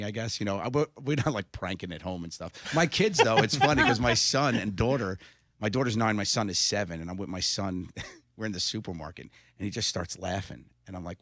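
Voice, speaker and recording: A man's voice: on the low side, no echo, clean studio sound. A middle-aged man, a comedian guest, telling stories in a casual interview and laughing often. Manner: animated storyteller, laughs often.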